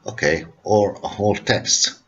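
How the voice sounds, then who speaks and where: A man with Arabic as his first language, giving a university linguistics lecture in a slow, repetitive explaining manner and switching into Arabic at times. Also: lowish voice, fairly bright tone. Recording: dull lo-fi recording.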